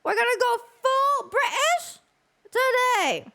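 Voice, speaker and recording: A woman hosting a casual interview stream, excitable and often stumbling over her words. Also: extremely high pitch, slow. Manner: excitable, stammering restarts. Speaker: streamer host.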